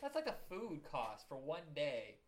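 A man with a voice set somewhat high for a man, trading film talk as a podcast co-host. He tells his stories with lively, animated chatter and drops curses without a second thought. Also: moderate pace. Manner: chatty, animated storyteller, swears freely. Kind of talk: casual chat about animated films.

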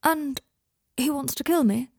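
A woman reading an audiobook voices a dazed, fragile young wizard man who speaks faintly with a high, questioning lilt. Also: measured pace, gravelly, darkish tone, dry recording, clean studio sound. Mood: bewildered.

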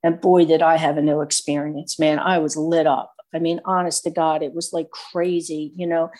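A woman's voice: sits low, level tone, normal speed, darkish tone. A middle-aged woman giving a candid, rambling personal testimony full of fillers. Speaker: speaker sharing recovery story.

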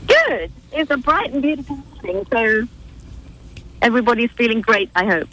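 A woman's voice: fairly high pitch, big pitch swings, moderate pace, a bit bright, slight background noise, poor audio. A woman calling in to a radio show, cheerful and polite. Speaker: radio caller.

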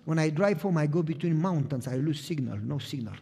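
A man's voice: on the high side, a little fast, gravelly, few pauses, husky. A middle-aged man preaching a sermon as pastor, telling stories and acting out conversations. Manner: animated storytelling, acting out dialogue. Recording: long reverb of a large hall.

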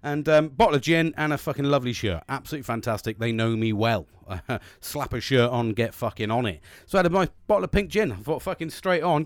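A man's voice: medium pitch, expressive, a little fast, no room sound. A man, telling stories on his podcast in a rambling, sweary way with frequent laughs. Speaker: podcast host. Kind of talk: casual storytelling chat.

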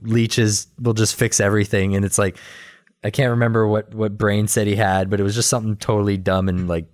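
A man's voice: on the low side, fairly quick. Laughing, rambling man recapping a cartoon. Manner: rambling, animated retelling with quoted voices and laughter. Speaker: podcast co-host recapping a cartoon episode. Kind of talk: casual chat.

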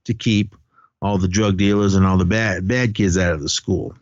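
A man's voice: deep voice, fairly even intonation, normal speed, dry recording, highs cut off. A man co-hosting a podcast, recapping a film in casual chat, acting out lines loosely and laughing often. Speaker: podcast co-host.

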